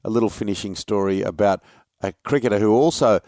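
A man hosting a sports podcast, leading the topics in a relaxed conversational way. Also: fairly low pitch, fast talker, no room sound, studio quality. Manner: conversational, leads the segments. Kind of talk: casual sports chat.

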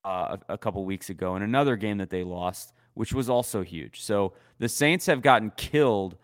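Smooth low-voiced opinionated man. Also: normal speed. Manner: opinionated, explaining at length. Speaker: podcast co-host. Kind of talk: casual sports chat.

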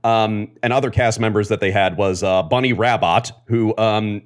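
A man with a fairly low voice talks casually on a podcast. He rambles through his explanations with enthusiasm and plenty of asides. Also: moderate pace. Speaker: podcast guest, comics expert.

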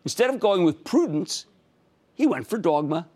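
A man with a Pennsylvania accent hosting a stock market show, emphatic and excitable, breaking into shouts of enthusiasm. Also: sits high. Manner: emphatic, shouts bursts of enthusiasm, fast and animated. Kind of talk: excitable financial commentary.

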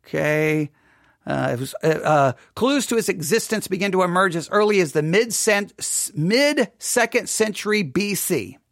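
A man's voice: high voice, lively intonation, normal speed, few pauses, a bit bright, no echo, studio quality. A man reading a string of verses aloud at speed, then thinking aloud with restarts and fillers as he looks things up. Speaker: commentator. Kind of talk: reading aloud and casual commentary.

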